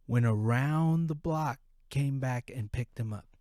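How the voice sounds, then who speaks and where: A podcast host tells a profane, rambling story casually, restarting his sentences often. His medium-pitched voice is warm and unhurried with hardly any pauses, recorded at studio quality with no echo.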